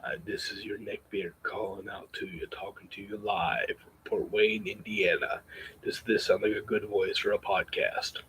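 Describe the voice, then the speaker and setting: A man whispering as a hushed podcast-host persona, whispered role-play. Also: lowish voice, level tone, slight background noise, pitched below the performer's own voice, lightly acted, poor audio. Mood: teasing. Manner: breathy, slow whisper.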